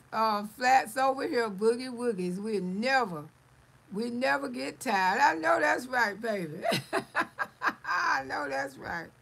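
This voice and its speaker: A woman's voice: fairly high pitch, creaky, fairly bright tone, poor audio. A middle-aged woman hosting a live stream, chatting casually, reading viewer comments aloud, blunt and salty, laughing often.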